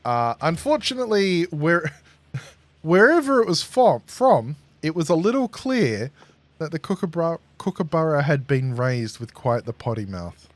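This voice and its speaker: A man's voice: on the high side, sing-song, moderate pace, no room sound. A man from Australia with an Australian accent, chatting casually and telling rambling stories to a live stream audience while he plays a game. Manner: rambling, chatty, laughs at his own stories. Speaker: gaming streamer. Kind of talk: casual storytelling while gaming.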